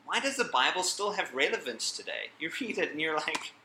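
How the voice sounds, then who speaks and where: A man's voice: on the high side, sing-song, fairly quick, pushed and bright, a little hiss or hum. A man giving a talk to a live audience, chatty and joking, breaking off mid-sentence and laughing at his own asides. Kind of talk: lively lecture to a live audience. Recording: echoey hall.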